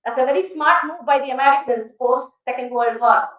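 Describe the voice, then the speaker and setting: A woman with an Indian English accent lectures a college class, pressing them with one rhetorical question after another. Her voice sits high and carries emphatic energy. The sound comes from some distance in a reverberant hall. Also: a little fast. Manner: emphatic, animated. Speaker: guest lecturer. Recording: echoey hall, distant dull mic.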